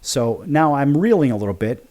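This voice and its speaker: Animated male talk-show host. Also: mid-range voice, normal speed. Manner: animated, acts out both sides of conversations. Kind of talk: casual storytelling monologue.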